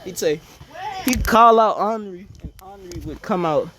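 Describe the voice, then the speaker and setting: A man's voice: sits high, a little slow, crowd noise. Rambling joking man telling a story. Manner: rambling, joking, acts out dialogue with stammers. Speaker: storyteller improvising a scenario. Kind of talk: casual improvised storytelling.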